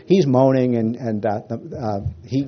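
This mid-range male voice is unhurried, and the recording has its highs cut off. He tells jokes and stories to a crowd in a casual political talk, rambling and animated, often restarting.

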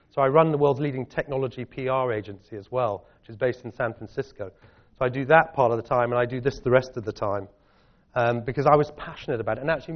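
A middle-aged Scottish man answering audience questions in a chatty, self-deprecating way. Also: medium pitch. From Scotland. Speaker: guest speaker. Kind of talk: public talk and Q&A. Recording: dull lo-fi audio.

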